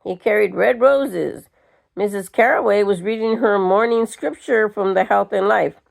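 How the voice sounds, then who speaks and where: An older woman reading a short story aloud in a slow, measured way. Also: medium pitch, creaky. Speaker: reader.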